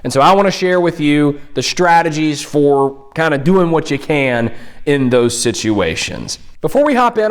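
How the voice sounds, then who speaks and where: Young guy coaching mock trial, earnest and chatty, kinda high voice. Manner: earnest, conversational, polite advice. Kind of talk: direct-to-camera teaching.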